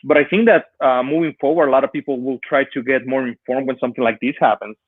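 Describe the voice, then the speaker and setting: A man guesting on an interview as a band member, talking in a quick, earnest, laid-back way. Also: medium pitch, no echo. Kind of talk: casual interview chat. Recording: thin phone-like line, dry.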